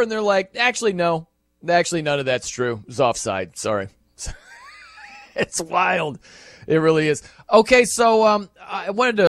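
Animated man on sports radio. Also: on the high side, dry recording. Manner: animated, acts out quoted reactions in bursts. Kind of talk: casual sports talk. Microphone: studio microphone.

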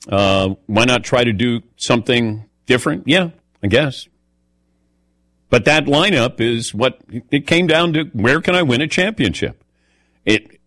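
A man of middle pitch hosts a talk radio show, chatty and anecdotal. His voice is close and dry, with no room around it. He tosses the talk to his co-hosts often. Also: fairly bright tone, no room sound. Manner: chatty storyteller, calls on co-hosts by name. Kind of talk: casual radio show chat.

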